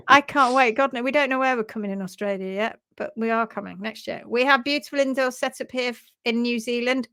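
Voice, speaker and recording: A hoof trimmer chatting casually on a live stream, her voice slightly high. She laughs often and reads viewers' comments aloud in a playful tone. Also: lively intonation, moderate pace, sharp tone, smooth.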